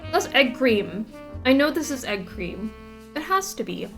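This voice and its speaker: A woman streaming a mystery game, chatting and thinking out loud as she reads the game's text aloud. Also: sits high, very animated, measured pace, soft background music. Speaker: gaming streamer. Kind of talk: casual let's-play commentary, reading game text aloud.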